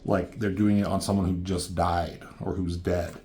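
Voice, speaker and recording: A man's voice: deep voice, little pitch movement, normal speed, a little mellow. A man casually recapping and reviewing a comic book, loose and profane, reading out the characters' lines in a slightly raised voice.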